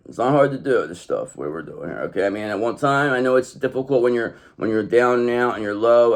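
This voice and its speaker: Male tarot reader, mid-pitched, brash and profane, hypes the viewer up. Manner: swaggering, emphatic, profane, keeps tagging "okay?". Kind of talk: casual tarot reading monologue.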